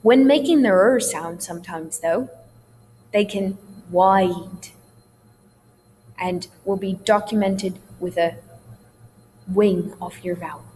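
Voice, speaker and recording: A woman's voice: lowish voice, unhurried, a little mellow. A woman theatre teacher giving a recorded dialect lesson, explaining sounds in a patient, reassuring way. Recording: long hall reverb, faint hum.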